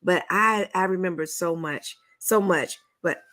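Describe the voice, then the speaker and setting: A woman's voice: fairly low pitch, a little slow, fairly bright tone. A woman hosting a casual talk show, chatty and playful as she runs a party game for her guests. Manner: chatty and playful, with folksy phrasing.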